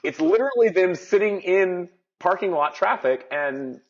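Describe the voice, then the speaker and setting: A man's voice: sits high, lively intonation, normal speed. A man co-hosting a casual movie review podcast, rambling, restarting his sentences and laughing often. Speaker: podcast co-host. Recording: dull lo-fi podcast audio.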